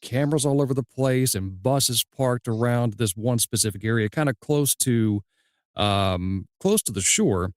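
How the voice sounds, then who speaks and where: A man with a slight Southern US accent, hosting a podcast interview and asking measured questions in an easygoing, storytelling way. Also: mid-range voice, a little mellow, no room sound, clean studio sound. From Southern United States. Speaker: podcast host and audiobook narrator. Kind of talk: casual interview chat.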